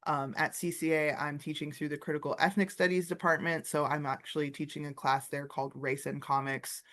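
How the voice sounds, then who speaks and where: A woman's voice: sits low, little pitch movement, brisk, a bit bright. A woman in her thirties from Florida, an artist and comics teacher, chatting casually in an interview with lots of filler words over a video call. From Florida, USA. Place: art studio, indoors.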